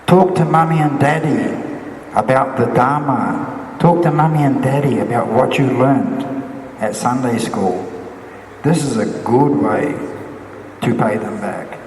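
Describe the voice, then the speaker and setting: Male monk, slow and coaxing with kids, distant mic in a long-reverb temple hall. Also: medium pitch, a little mellow, a little hiss or hum. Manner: coaxing, questioning tone with frequent "huh?"; speaks simply as if to small children. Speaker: Buddhist monk. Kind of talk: Dharma talk for children.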